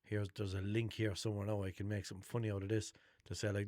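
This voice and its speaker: Fast-talking and a little mellow, this young man from Limerick, Ireland, hosts a podcast and chats through an unscripted, rambling monologue full of swearing and restarts. His voice sits on the low side with little pitch movement; the studio recording has no echo.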